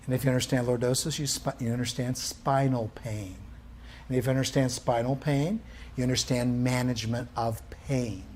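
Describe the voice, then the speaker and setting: A man's voice: mid-range voice, darkish tone, a little hiss or hum. A male instructor giving a live classroom lecture, quizzing the room with questions and answering them himself.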